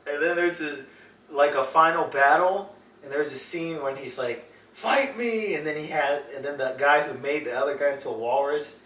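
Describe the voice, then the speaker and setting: A man's voice: a little high, fairly even intonation, normal speed, a bit bright. A young man in casual chat with a friend, rambling as he retells a movie, laughing often and acting out scenes. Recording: echoey room, mic from a distance, faint noise.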